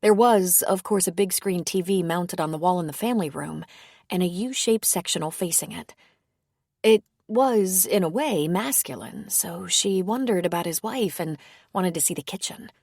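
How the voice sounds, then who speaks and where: Woman reading an audiobook, low gravelly voice, dry close sound. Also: moderate pace, darkish tone, no echo. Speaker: audiobook narrator. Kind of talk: scripted narration.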